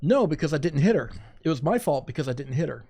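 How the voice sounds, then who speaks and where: A middle-aged man, a podcast guest, telling a story in animated, dramatic fashion with quoted asides. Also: a little high, quick pace, husky. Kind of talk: casual storytelling.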